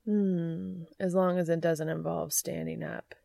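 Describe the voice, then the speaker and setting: Lady reading a teasing eager guy, slowish, a little gravelly. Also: on the low side, flat delivery, dark tone, dry recording. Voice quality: casual and teasing. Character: eager, joking adult man. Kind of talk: audiobook character reading.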